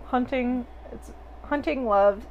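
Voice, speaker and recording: A woman's voice: on the high side, slow pace, muffled recording, slight background noise. A woman hosting a podcast, chatting casually, laughing often and swearing offhandedly. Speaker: podcast host.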